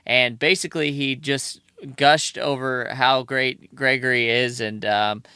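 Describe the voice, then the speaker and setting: A man on a podcast, talking casually in a halting way with many fillers before handing the story off. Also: mid-range voice, fairly even intonation, bright, forceful tone, smooth, no room sound, clean studio sound. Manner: halting, filler-heavy, hands over the story. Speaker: podcast guest. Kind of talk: casual chat.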